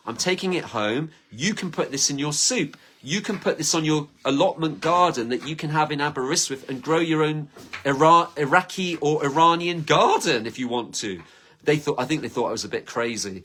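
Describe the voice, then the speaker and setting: A man's voice: a little high, fairly bright tone, a little hiss or hum. A man hosting his channel in a rambling, enthusiastic monologue that keeps acting out imagined conversations. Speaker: channel host.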